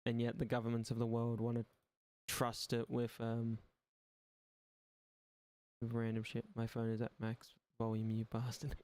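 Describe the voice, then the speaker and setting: A man's voice: mid-range voice, completely flat delivery, a little slow, long pauses, darkish tone, smooth, no echo. A young Irish man chatting casually on his live stream, rambling, swearing freely and making dry, sarcastic asides. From Ireland. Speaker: livestream gaming host.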